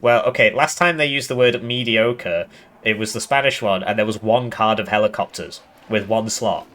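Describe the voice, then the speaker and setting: Sarcastic man with a low voice. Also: moderate pace. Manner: sarcastic, rambling, deadpan. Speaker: gaming YouTuber. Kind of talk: casual game commentary.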